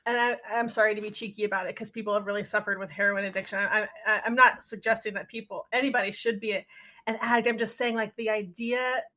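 Co-host, woman, bright tone, muses aloud and hedges, self-deprecating asides. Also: medium pitch, fairly even intonation, fast talker. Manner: musing, hedging, with self-aware asides. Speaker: podcast co-host. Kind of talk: casual chat.

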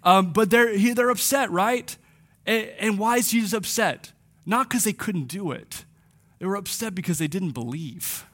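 A pastor giving a conversational sermon, slowing down and dropping his voice for emphasis. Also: high-pitched, a bit bright. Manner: conversational preaching, slows for emphasis.

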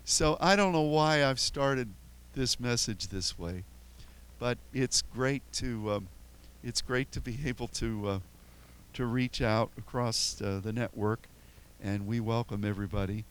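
A little slow and a bit bright, this older American pastor's medium-pitched voice comes through poor audio with a little hiss or hum. He tells meandering, self-mocking anecdotes, restarting frequently, before his sermon begins.

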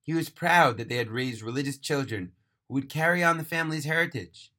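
Bright-voiced man reading a story dramatically. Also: medium pitch, lively intonation. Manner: earnest, emphatic, slowing on key phrases. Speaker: narrator. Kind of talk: dramatic storytelling read-aloud.

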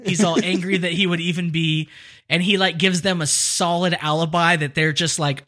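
A man's voice: high-pitched, a little fast. An American man from California, a young adult podcast co-host in casual chat who laughs often and mocks himself. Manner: laughs often, animated, self-mocking.

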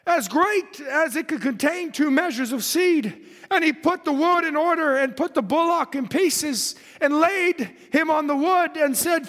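High-pitched fervent male preacher. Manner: fervent, reads scripture aloud, shouts at peaks. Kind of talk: sermon. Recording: long hall reverb.

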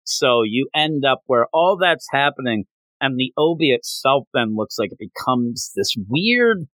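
A man co-hosting a podcast in a casual talk about a manga chapter, retelling scenes with lively jumps in his voice. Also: a little slow, no echo. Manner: animated retelling with big pitch jumps. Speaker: podcast co-host.

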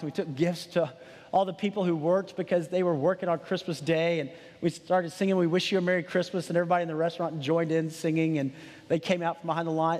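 A man telling a personal story in a sermon, animated and repeating his words as he starts sentences. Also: high voice. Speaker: pastor. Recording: hall reverb.

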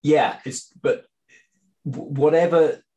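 A middle-aged man, a guest in a casual conversation, talking in a halting way with frequent restarts and fillers. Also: a little high, warm tone, low-quality recording. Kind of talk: casual conspiracy chat.

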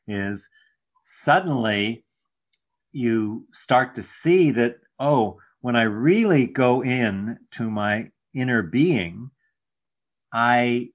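A man in conversation affirming his guest and then explaining ideas in a teacherly, animated way. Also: medium pitch. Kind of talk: casual conversation.

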